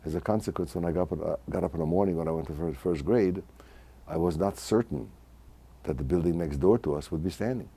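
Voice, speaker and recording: A man in his eighties who grew up in Hungary, recalling his childhood in a measured, reflective oral history interview. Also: sits low, mellow, husky. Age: 80s. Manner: measured, reflective, restarts mid-phrase.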